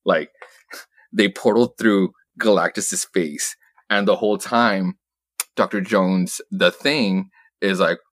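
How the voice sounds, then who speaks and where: Young man, very low voice, dry close sound, casual rambling comic recap, swears, laughs a lot. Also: slow pace, fairly bright tone, no room sound. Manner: rambling, profane, laughs often, quotes characters in passing. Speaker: podcast co-host.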